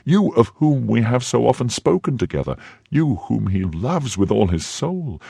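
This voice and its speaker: A man reading the part of a cunning noblewoman who hides her cruelty behind feigned warmth, with a husky voice. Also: mid-range voice, dry recording, clean studio sound, pitched above the performer's own voice, exaggerated voice. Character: cunning noble lady, cold schemer.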